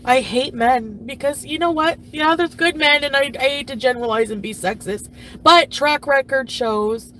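A woman voicing a jilted, furious female streamer who is crude and self-pitying, for a puppet comedy. She swears constantly and swings between yelling and mumbling. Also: sits high, moderate pace, close to an everyday voice. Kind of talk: comedic impression of a livestream rant.

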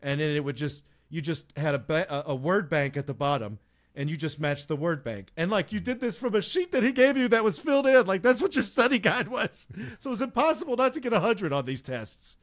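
A man co-hosting a podcast, telling a casual, animated story with laughs. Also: high-pitched, fairly quick. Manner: animated, laughing anecdote teller. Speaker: podcast co-host.

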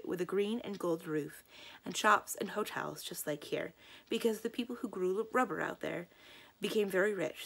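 A woman's voice: on the low side, gravelly. A woman reading a storybook aloud, voicing an eager, hopeful schoolgirl heroine.

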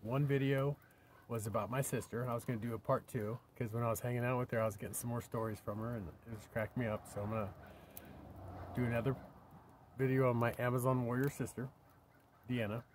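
Older male vlogger, casual rambling delivery, mid pitch, faint outdoor noise. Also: steady tone, fairly quick. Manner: rambling, drops to a whisper at times. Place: camping by his vehicle outdoors.

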